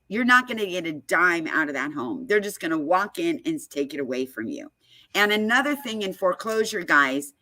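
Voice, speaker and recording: As a guest speaker on foreclosure fraud, a woman with a medium-pitched, sharp-toned voice tells a story and explains advice. She talks casually and emphatically, laughing often along the way.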